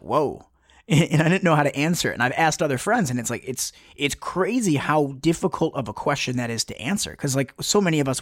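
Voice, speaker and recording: A man telling a personal story in a casual chat, rambling with many fillers, restarts and quick laughs. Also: a little high, dry recording, studio quality. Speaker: guest.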